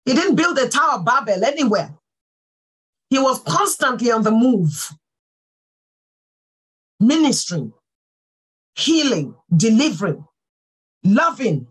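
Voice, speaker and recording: A woman pastor giving a sermon, fervent and full of praise exclamations, swinging from soft talk to calling out. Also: on the high side, very animated, a little slow, long pauses, husky, poor audio.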